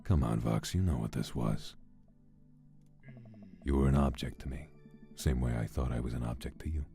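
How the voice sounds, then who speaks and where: A man's voice: a bass voice, normal speed, dark tone, soft background music, pitched below the performer's own voice. A man voicing an aloof, blunt middle-aged man in a video game, cold and detached.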